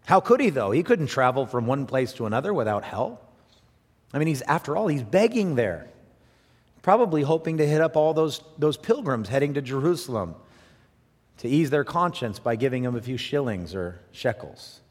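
A man preaching a sermon, animated, swinging from raised emphasis to quiet asides and often repeating words as he thinks aloud. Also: mid-range voice, normal speed, slightly rough. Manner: animated preaching, rising and dropping to near hush for emphasis. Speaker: pastor. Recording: long hall reverb.

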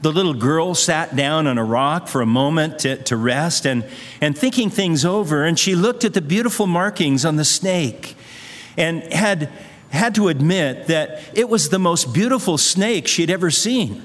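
A man's voice: fairly high pitch, animated, moderate pace. Earnest preacher man in a reverberant hall. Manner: conversational, earnest, uses fillers. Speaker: pastor. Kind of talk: sermon with storytelling.

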